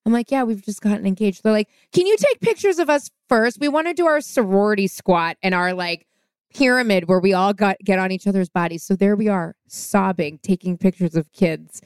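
A woman guest on a podcast telling a long story in a casual, animated way, acting out the voices of people she quotes. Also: mid-range voice, brisk, smooth, no echo, studio quality.

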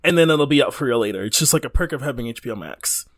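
Animated, rambling man co-hosting a podcast. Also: medium pitch, racing. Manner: rambling, swears freely, laughs often. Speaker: podcast co-host. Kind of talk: casual chat.

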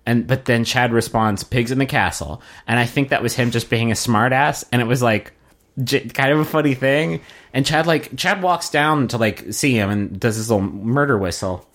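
A man's voice: medium pitch, normal speed, a bit bright. A man co-hosting a podcast in loose, casual chat. He is wry and sardonic and drops casual swears as he recaps. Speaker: podcast co-host.

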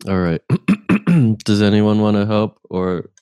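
A man's voice: lowish voice, level tone, slow pace, mellow, clean tone, dry recording, clean studio sound. A man co-hosting a comedic call-in game show, hesitant and laughing often. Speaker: co-host.

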